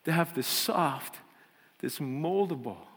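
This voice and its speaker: A man's voice: fairly high pitch, lively intonation, slow, husky. A man preaching a sermon as pastor, often repeating words and building to fervent appeals. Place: church. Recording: church hall reverb.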